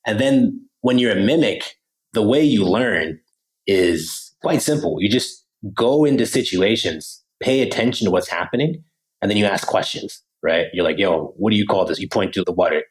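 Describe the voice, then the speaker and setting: An animated man from the United States talks as a podcast guest, his voice sitting a little low. He explains his ideas in a loose, slangy way and keeps asking "right?" to check that the listener is following. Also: normal speed, poor audio. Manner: casual slangy delivery with many "like" fillers. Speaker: podcast guest, language coach.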